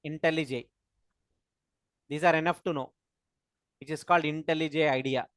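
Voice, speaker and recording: High-voiced Indian English programming teacher. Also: male voice, steady tone, moderate pace, a bit bright, dry recording, clean studio sound. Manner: quizzes students, repeats key terms, corrects pronunciation. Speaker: programming instructor. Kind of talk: live classroom lecture.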